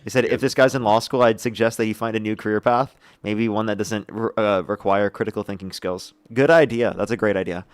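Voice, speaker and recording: A man's voice: lowish voice, fairly even intonation, clear, resonant tone, dry recording. A man hosting a live online debate stream, reading out donations and pressing his guest with mocking questions. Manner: mocking, rapid-fire, laughs at opponent. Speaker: livestream debate host. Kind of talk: heated live debate and donation shout-outs.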